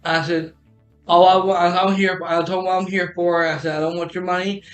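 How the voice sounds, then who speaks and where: A man's voice: high voice, little pitch movement, a little fast, faint music behind. A man telling a personal story in a casual, rambling way, often restarting and repeating "I said.".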